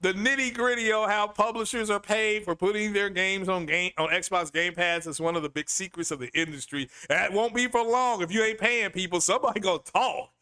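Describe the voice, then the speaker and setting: A man's voice: high voice, fairly quick, hardly any pauses, pushed and bright, clean tone. A man live-streaming casual commentary, riffing and laughing through playful rants.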